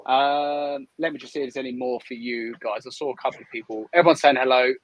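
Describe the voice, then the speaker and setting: A man's voice: medium pitch, fairly even intonation, fast talker, dull audio. A man hosting a live selling stream, chatting casually and teasing his guests. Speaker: livestream host. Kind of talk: casual livestream chat.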